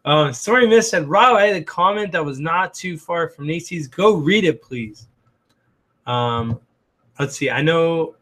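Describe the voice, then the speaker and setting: A man with a raspy voice, hosting a casual livestream. He rambles with lots of "um" and "like" as he reads viewer comments aloud and answers them. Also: a little high, fairly bright tone. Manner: rambling, heavy on "um" and "like". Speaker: livestream host.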